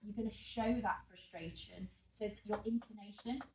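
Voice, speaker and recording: A woman's voice: medium pitch, fairly even intonation, moderate pace, far from the mic, background noise. A woman drama teacher giving an exam revision lesson, chatty and full of fillers, who checks in with her class. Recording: echoey room, voice off-mic.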